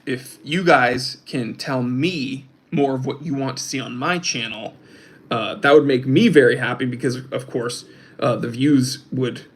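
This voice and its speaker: A young man chats casually as host of a livestream. His voice sits at a middling pitch, and he rambles with plenty of fillers and restarts as he reads out chat messages. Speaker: host of a watch channel, reading live chat.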